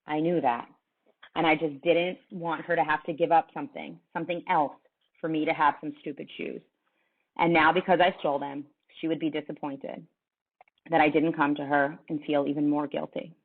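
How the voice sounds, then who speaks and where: A woman teacher reading a novel aloud to her class, with an expressive delivery. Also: deep voice. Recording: tinny phone-like sound.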